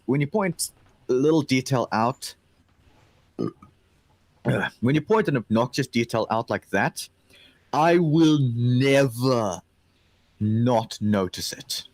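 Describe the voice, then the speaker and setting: Slow, lively-voiced male stream host. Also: medium pitch, dry recording. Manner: slow, animated, frequent laughter. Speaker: livestream co-host. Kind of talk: casual chat reading a comic on stream.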